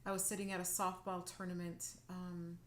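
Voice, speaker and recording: A woman's voice: lowish voice, completely flat delivery, a little fast, fairly bright tone, echoey room, slight background noise. A woman from Wisconsin, co-hosting a talk show, telling a personal story in a chatty way with lots of ums. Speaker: co-host. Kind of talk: casual storytelling.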